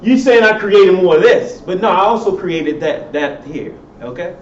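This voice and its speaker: A male professor with a high voice lectures in an echoey hall, speaking expressively at normal speed. He quizzes his students and then answers his own questions. The recording sounds dull, with a faint hiss.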